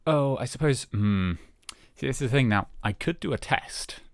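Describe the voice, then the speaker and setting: A man's voice: medium pitch, normal speed, gravelly, dry recording. Hesitant man narrating his gameplay. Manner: hesitant, lots of "uh" and "um" fillers; relaxed, self-talking as he plays. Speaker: Minecraft let's-play host. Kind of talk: casual gameplay commentary.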